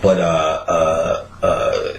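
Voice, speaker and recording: A man's voice: low-pitched, little pitch movement, extremely slow. A man hosting a podcast, telling a profane story in casual chat while laughing often. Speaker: podcast host. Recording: roomy echoey recording.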